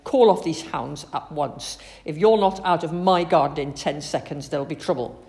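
A woman's voice: deep voice, a little mellow, big-room sound. A woman voicing a firm, no-nonsense mother in a children's story. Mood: commanding. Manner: brisk, commanding.

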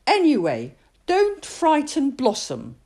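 A woman voicing a polite, curious little girl in a storybook read-aloud, in a high child's voice. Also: huge pitch swings, takes it slowly, darkish tone, heavily acted. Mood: eager.

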